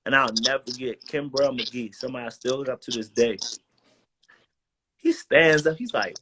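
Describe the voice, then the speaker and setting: A man's voice: mid-range voice, moderate pace, noisy background. Slangy young man telling a story. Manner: animated storyteller, slangy, acts out quotes. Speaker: guest, former college football player. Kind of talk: casual storytelling interview. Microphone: video call.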